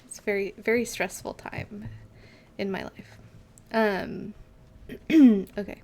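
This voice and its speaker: A woman streams a game from home and chats casually into a desk mic. She talks at an unhurried pace and wanders off into stories, padding her talk with "like" and "um". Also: medium pitch, fairly even intonation, darkish tone, a little hiss or hum. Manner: rambling, filler-heavy storytelling. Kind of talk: casual live game commentary.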